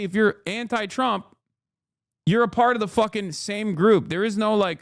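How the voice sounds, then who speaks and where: A man's voice: sits high, moderate pace, no echo, clean studio sound. A man ranting on a live stream, profane and heated, mocking others by putting on voices for their quotes. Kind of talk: live stream reaction rant.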